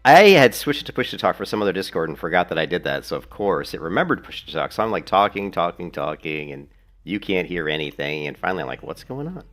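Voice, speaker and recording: A man's voice: deep voice, lively intonation, quick pace, fairly bright tone, soft background music. A man chatting casually while playing a game, rambling, laughing often and swearing now and then. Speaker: gaming streamer. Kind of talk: casual gameplay commentary.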